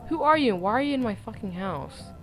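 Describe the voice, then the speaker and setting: A woman's voice: lowish voice, steady tone, a little fast, over music, natural voice. A woman voicing an angry young woman confronting a stranger, blunt and swearing.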